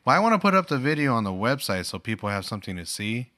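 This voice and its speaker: A man co-hosting a casual podcast, talking earnestly and trailing off softly. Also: mid-range voice, big pitch swings, fast talker, no echo. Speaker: podcast co-host. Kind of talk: casual chat.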